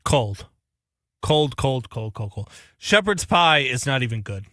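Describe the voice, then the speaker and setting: A man co-hosting a sports radio show, giving animated, emphatic opinions in casual banter. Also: mid-range voice, measured pace, no echo, clean studio sound.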